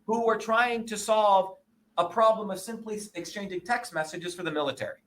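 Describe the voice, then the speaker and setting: A man in his sixties, a guest in an interview, talking in a combative, profane and emphatic way, often pausing to ask "okay?" or "you see?". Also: sits high, fairly bright tone. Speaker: interview guest, presidential candidate.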